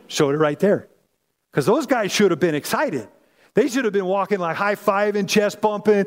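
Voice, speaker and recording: A male pastor giving a casual, animated sermon full of slang, acting out the people in the story. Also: high-pitched, normal speed, big-room sound.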